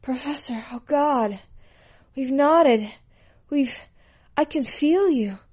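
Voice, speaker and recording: An eager young woman student in an audio story gasps and pleads in high, loud bursts, as a woman reading puts her on. Her voice sits well above the reader's own and carries a dull, lo-fi recording tone. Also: slow. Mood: breathless pleading. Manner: breathless, pleading.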